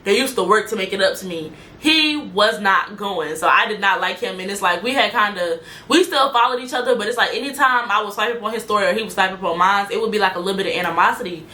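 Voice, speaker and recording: A woman's voice: medium pitch, fast, few pauses, bright, forceful tone. A young woman telling a story in casual chat, slangy and talking straight to her viewers. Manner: chatty, slangy, addresses viewers directly. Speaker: storyteller vlogger.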